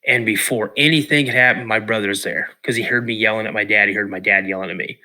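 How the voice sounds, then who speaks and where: A man from Washington State, a podcast guest telling an animated story and acting out the other people's lines. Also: fairly low pitch, fast, few pauses. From Washington State, USA. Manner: lively storyteller who acts out the voices of others.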